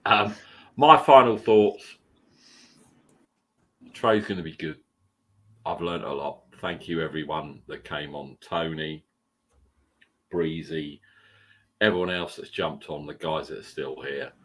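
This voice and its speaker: A man's voice: very deep voice, slow, pauses often, slightly rough. A man hosting a casual sports podcast, blunt and joking, swearing freely. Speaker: podcast host.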